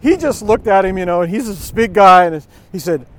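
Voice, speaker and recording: High-voiced middle-aged man preaching outdoors. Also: expressive, a little fast, slight background noise. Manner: conversational, storytelling, chuckling asides. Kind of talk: informal sermon.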